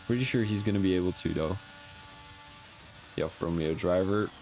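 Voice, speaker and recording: A man's voice: low-pitched, darkish tone, slight background noise. A man with a Belgian accent giving rambling, joking, self-mocking commentary on a live-streamed sim racing league.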